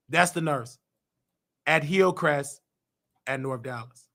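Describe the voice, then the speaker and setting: A man who is losing his voice, hosting his show with heated, indignant commentary and bursts of shouting. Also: fairly high pitch, slow pace, gravelly, long pauses. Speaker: nursing aide and show host. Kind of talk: ranting commentary.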